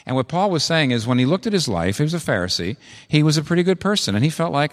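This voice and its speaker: A man preaching a sermon with an animated, emphatic delivery, repeating phrases for effect. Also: a little high, fast, big-room sound.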